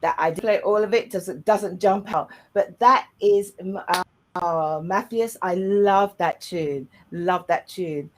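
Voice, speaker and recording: A chatty British woman hosts a live online show, her voice sitting a touch lower than most women's. She talks in an upbeat, casual way and drops in plenty of fillers. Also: slow. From United Kingdom. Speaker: host.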